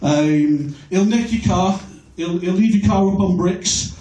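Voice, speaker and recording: A man from Birkenhead doing a stand-up set, crude and self-mocking with a deadpan delivery. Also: sits high, a little slow, slight background noise. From Birkenhead, England. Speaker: stand-up comedian. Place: comedy club stage. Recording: echoey club, recorded from far off.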